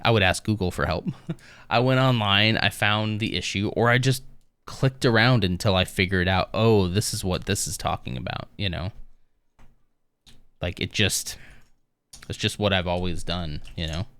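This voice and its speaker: A man's voice: low-pitched, a bit bright, clean tone. A man streaming live, chatting casually with viewers in a rambling, easygoing way with lots of fillers.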